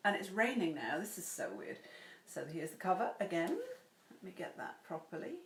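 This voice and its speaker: A woman's voice: lowish voice, lively intonation, normal speed. A chatty woman with an effusive manner who hosts a livestream and reads a book's first chapter aloud at home. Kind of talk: livestream chat and read-aloud. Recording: roomy echo.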